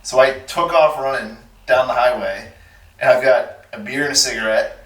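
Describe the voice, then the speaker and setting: A man's voice: mid-range voice, normal speed, echoey room, far from the mic. A man from Texas telling a story as a podcast guest, animating it by acting out the voices of people in it. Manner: animated, acts out the voices of people in his stories. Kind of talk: casual storytelling.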